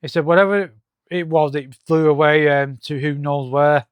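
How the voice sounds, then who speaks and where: Hesitant man, smooth voice. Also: on the high side, fairly even intonation, no echo. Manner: halting, hesitant, many fillers and restarts; reads comic dialogue aloud in his own voice. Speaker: comic reviewer. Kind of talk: casual comic-book walkthrough.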